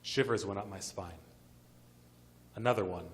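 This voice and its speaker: A man tells a personal story on stage at a story slam, building suspense vividly. His voice is fairly low and comes through a stage microphone with a faint hum behind it. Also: normal speed. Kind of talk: live story slam narration. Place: arts center stage.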